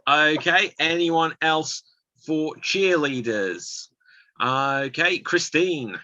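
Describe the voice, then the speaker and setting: A man hosting an online improv game, calling on players in a drawn-out, playful way over a video call. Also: a little high, bright, forceful tone, dry recording, muffled recording.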